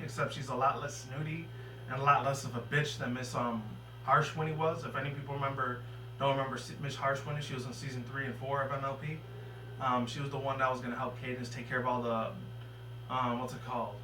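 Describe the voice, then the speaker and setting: A bright-voiced man talks through a cartoon episode in a loose, rambling review, swearing often and wandering between thoughts. He sits back from the mic in a roomy, echoing space. A faint hum runs underneath. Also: mid-range voice. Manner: rambling and profane, with loose filler. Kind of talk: casual spoken review. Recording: echoey room, mic at a distance, faint hum.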